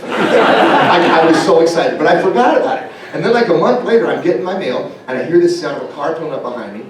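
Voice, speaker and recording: Animated storytelling man in an echoing hall. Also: on the high side, fast talker, hardly any pauses. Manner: animated, laughing, says "dude" and "right?". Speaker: voice actor and musician on a convention panel. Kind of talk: comic storytelling on stage. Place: large convention hall. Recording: echoey hall, far off, noisy.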